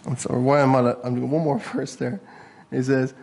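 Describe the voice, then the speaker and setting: A man preaching a sermon as a church pastor, earnest and animated, breaking into bursts of laughter as he talks. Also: medium pitch, moderate pace, vocal fry, breathy edge. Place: church hall.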